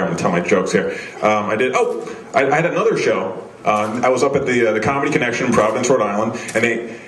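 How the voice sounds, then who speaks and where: A man's voice: mid-range voice, roomy sound. A young man doing a live stand-up set on a small club stage, rambling and self-deprecating, with many restarts. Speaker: stand-up comedian. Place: small comedy venue stage.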